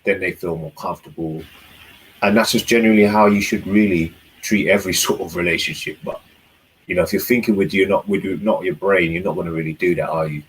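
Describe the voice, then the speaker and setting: A man's voice: sits low, fairly even intonation, fairly quick, a little hiss or hum, poor audio. A young man chatting casually and laid-back, giving dating advice. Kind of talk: casual chat.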